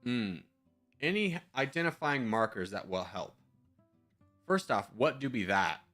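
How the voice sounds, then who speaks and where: Chatty, lively male streamer. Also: medium pitch, unhurried, faint music behind. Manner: thinks aloud, chatty, self-mocking. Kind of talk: casual live-stream commentary.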